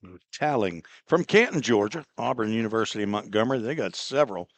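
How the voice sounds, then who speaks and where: A man calls a baseball game in an unhurried, conversational way, filling the gaps between pitches with casual remarks. His voice sits low, and the recording is dry and close, with no room sound. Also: dry recording. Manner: relaxed, chatty, laughs at own slips. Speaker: play-by-play announcer. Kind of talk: baseball play-by-play commentary.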